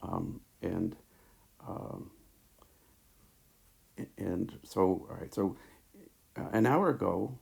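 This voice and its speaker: Man, teacher, slide lecture, very gravelly, dark voice, halting delivery. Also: sits low. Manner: halting, many fillers and restarts. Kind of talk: recorded lecture over slides. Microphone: tablet mic.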